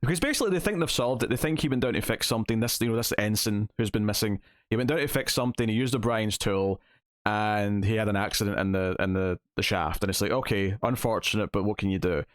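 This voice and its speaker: A man's voice: lowish voice, fast, dry recording, studio quality. A man co-hosting a podcast, reviewing a TV episode in a casual, chatty way, retelling scenes as he goes. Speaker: podcast co-host.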